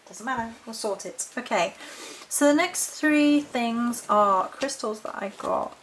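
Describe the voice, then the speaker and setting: A woman's voice: fairly high pitch, slow pace, a little hiss or hum, low-quality recording. Chatty woman rambling through a haul. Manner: chatty and rambling, reading notes aloud from a book. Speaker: witchcraft vlogger. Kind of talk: casual chat showing a haul.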